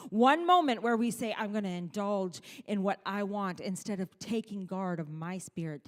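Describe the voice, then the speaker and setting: A middle-aged woman pastor preaching an earnest sermon, now and then acting out the people she quotes. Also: mid-range voice. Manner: earnest, quotes people in lively put-on voices. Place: church sanctuary. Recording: church hall reverb.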